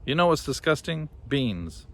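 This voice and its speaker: A man voicing a grumpy male giant, grumbling loudly through a storybook reading. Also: on the high side, sing-song, unhurried, creaky, pitched above the performer's own voice, heavily acted. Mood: angry. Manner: grumbling, loud. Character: grumpy huge male giant sick of beans.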